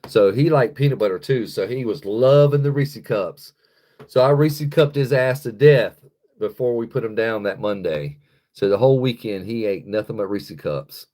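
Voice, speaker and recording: A man's voice: fairly low pitch, normal speed, mellow. A man chatting casually on his live stream, rambling loosely and swearing freely, into a phone on a stick.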